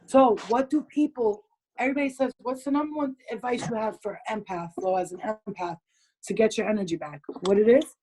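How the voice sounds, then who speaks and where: A woman's voice: on the high side, brisk, mellow, slightly rough, low-quality recording. A woman hosting a group video call, giving blunt advice in casual chat, swearing freely and laughing often.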